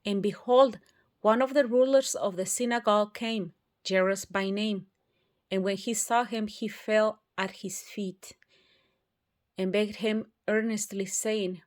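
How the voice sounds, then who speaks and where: A woman's voice: mid-range voice, steady tone, measured pace. A woman reading scripture aloud, carefully and with occasional restarts. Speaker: Bible reader.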